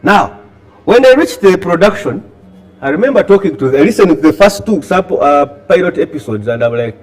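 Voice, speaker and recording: A man with a Ugandan English accent, a scriptwriter giving a lively talk to an audience, asking them questions and acting out bits of dialogue. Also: fairly high pitch, a little fast. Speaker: scriptwriter and workshop speaker.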